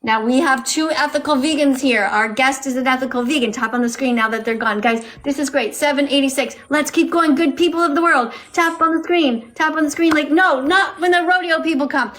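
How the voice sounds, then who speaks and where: Speaking fairly quickly with few pauses, this livestream host has a high-pitched voice with a fairly bright tone. She addresses her viewers directly, occasionally scolding them.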